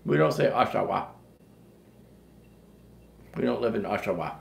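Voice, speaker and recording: Canadian man, very gravelly voice, matter-of-fact teasing co-host, echoey room. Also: lowish voice, lively intonation, moderate pace. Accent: Canadian, Ontario. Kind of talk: casual live chat.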